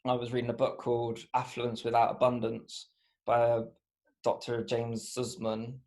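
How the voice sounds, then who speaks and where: A man's voice: medium pitch, completely flat delivery, a little mellow. A man from Bristol with a Bristolian accent, chatting as a podcast guest in a mid-range voice. He muses aloud in a loose, rambling way, stopping and restarting often and leaning on "um" and "like" while he works out his point. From Bristol, England. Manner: thoughtful, rambling, halting with many fillers and restarts. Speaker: podcast guest, comedian and author. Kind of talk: casual interview chat.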